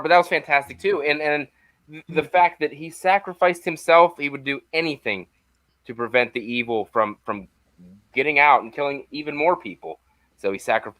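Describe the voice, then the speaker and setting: A man's voice: mid-range voice, pushed and bright, no echo. A man talking as a podcast guest in casual chat, easygoing and enthusiastic.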